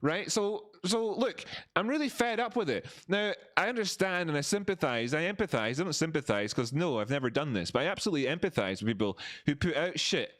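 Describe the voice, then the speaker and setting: A man's voice: a little fast, hardly any pauses. A man hosting a live stock-chart stream, ranting to his viewers with profanity and lots of repetition. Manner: animated, rising in pitch for emphasis; repeats phrases, talks to viewers as family. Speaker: livestream market analyst.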